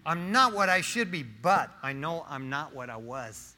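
A man's voice: a little high, very animated, a little slow, bright, forceful tone. A middle-aged man preaching an informal sermon, talking straight to the congregation with questions and slang. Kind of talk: conversational sermon with personal testimony.

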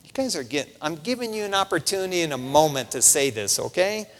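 Lively middle-aged male preacher in a reverberant hall. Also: a little high, fast talker, a little hiss or hum. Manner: animated, conversational, peppers lines with "man". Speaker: pastor. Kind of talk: casual preaching sermon. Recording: long reverb of a large hall.

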